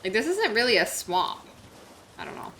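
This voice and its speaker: Bright-voiced chatty woman streamer. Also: a little high, very animated, moderate pace, a little hiss or hum. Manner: chatty, joking, reacts aloud. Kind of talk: casual game commentary.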